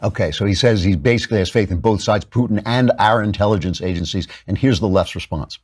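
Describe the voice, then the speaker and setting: A man's voice: on the low side, quick pace, slightly rough. A man hosting a show, giving a sarcastic, mocking political commentary monologue. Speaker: show host.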